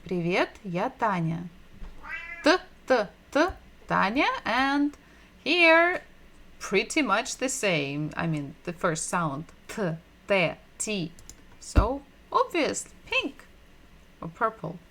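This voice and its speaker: Woman teacher, bright tone, unhurried delivery, patient and repetitive. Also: medium pitch, very animated. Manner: patient, repeats sounds slowly for learners; asks the audience questions. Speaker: Russian language teacher. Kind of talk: online language lesson.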